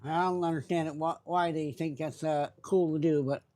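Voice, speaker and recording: A man hosting a live stream in casual chat, greeting viewers by name in a relaxed, chatty way. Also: on the high side, normal speed. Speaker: livestream host.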